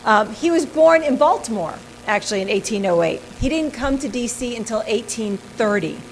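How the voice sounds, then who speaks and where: With lively intonation and a fairly high pitch, a woman who presides over an organization presents local history alongside slides. She speaks at a moderate pace, chatty but hesitant, often saying um and starting over, on poor audio with slight background noise.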